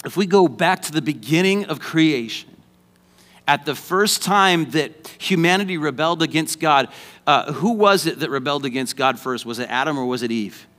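A man's voice: on the high side, moderate pace, a bit bright. A man preaching a sermon as pastor, conversational and joking, then rising to emphatic points.

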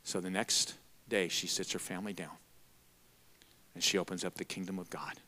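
A man preaching a sermon, telling a story in an animated, emphatic way. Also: deep voice, moderate pace.

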